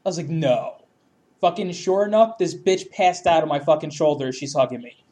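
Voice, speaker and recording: Man, fairly high voice, casual storytelling, frequent laughter, heavy swearing, acts out quotes. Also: quick pace, dark tone.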